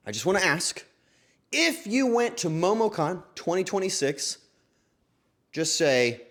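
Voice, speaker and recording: Emotional, lively-voiced male streamer. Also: mid-range voice. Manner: emotional, halting, with restarts and sudden excited outbursts. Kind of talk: casual livestream chat to viewers. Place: home streaming setup.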